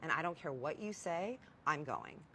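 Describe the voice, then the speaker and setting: A woman quoting her dismissive, stubborn husband in a curt, impatient voice close to her own low tone. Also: animated, normal speed, pushed and bright, slight background noise, full character voice.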